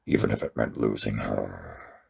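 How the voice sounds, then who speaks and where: A man reading aloud and voicing an ancient giant tree monster in a low, slow, grave voice. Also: steady tone, vocal fry, darkish tone, husky, exaggerated voice. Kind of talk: audiobook reading.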